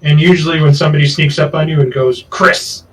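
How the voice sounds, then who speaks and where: A man running a tabletop game as game master, relaxed and casual, pausing to correct himself. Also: fairly high pitch. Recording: distant mic with faint background noise.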